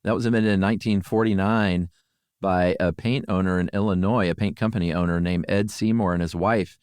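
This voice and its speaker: A middle-aged man co-hosting a podcast, relaxed and rambling with many fillers. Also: sits low, a little fast, clean tone, dry recording. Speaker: podcast co-host and ad reader. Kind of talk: casual chat.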